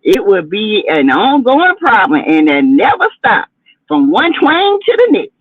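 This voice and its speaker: A woman's voice: medium pitch, huge pitch swings, unhurried, husky, no echo. A woman hosts a chatty gossip livestream, talking in a sassy way with dramatic asides. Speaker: livestream host. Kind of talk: casual gossip commentary livestream. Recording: tinny phone-like audio.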